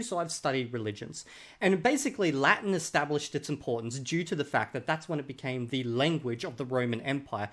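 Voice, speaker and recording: A man's voice: medium pitch, a bit bright. A man hosting a reaction video, commenting sarcastically and mockingly on a clip he reviews.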